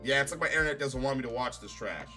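A man's voice: medium pitch, quick pace, pushed and bright, soft background music. A man giving a casual, profane, sarcastic review of a TV show from his home recording setup.

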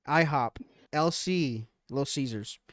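A man's voice: mid-range voice, measured pace, a bit bright, no echo, clean studio sound. A man hosting a podcast in casual, profane, joking banter with friends. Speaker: podcast host. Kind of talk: casual chat.

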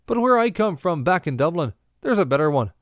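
A man voicing a proud Irishman in a bar joke, boasting about a bar back home in a lively way. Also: fairly high pitch, fairly quick, no room sound, pitched above the performer's own voice.

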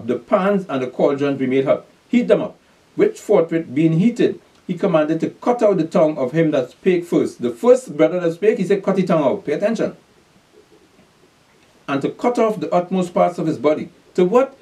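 Man, preacher, bible class, emphatic, asks and answers his own questions, mellow voice, recorded from a distance. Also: mid-range voice. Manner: emphatic, repeatedly urging listeners to pay attention; reads scripture aloud then explains it in call-and-response questions.

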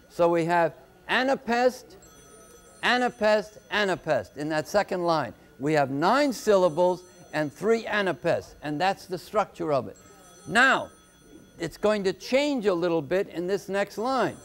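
A man tutoring on a live call-in homework show, explaining poetry slowly and patiently, step by step. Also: high-pitched, lively intonation. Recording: telephone-era broadcast.

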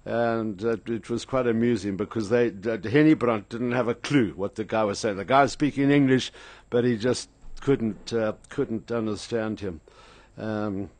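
A man's voice: fairly low pitch, moderate pace, a little mellow, no room sound. Older South African male radio host, anecdotal and chatty, dry studio sound. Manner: rambling, anecdotal, frequent fillers. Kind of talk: casual radio chat and storytelling.

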